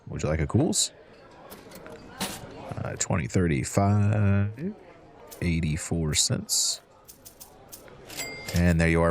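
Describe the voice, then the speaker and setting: A man hosting a let's-play, chatting to in-game customers as he serves drinks and counts out change. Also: low voice. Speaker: gaming channel host. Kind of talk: relaxed let's-play commentary.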